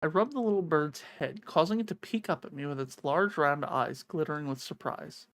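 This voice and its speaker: A woman reading a visual novel aloud, an expressive reader who breaks off to swear and joke, on a close mic. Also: low voice, normal speed, no room sound. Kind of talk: reading a game's narration aloud with live reactions.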